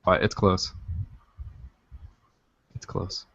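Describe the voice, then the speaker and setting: A young man co-hosting a casual gaming podcast, an animated storyteller who swears freely. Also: very slow, no room sound. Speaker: podcast co-host. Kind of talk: casual chat. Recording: dull lo-fi dry sound.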